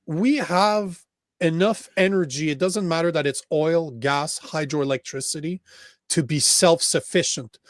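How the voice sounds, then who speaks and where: Talking politics casually on his podcast, a fairly high-voiced man with a Quebec French accent swears a lot and keeps restarting his sentences as he presses his argument. His pace is measured, and the close, dry sound carries no echo.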